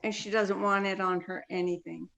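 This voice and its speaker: A woman's voice: mid-range voice, steady tone, normal speed, gravelly, a bit bright, reverberant, muffled recording. A woman chatting on a video call, teasing and chatty. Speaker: class participant. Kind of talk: casual chat on a video call.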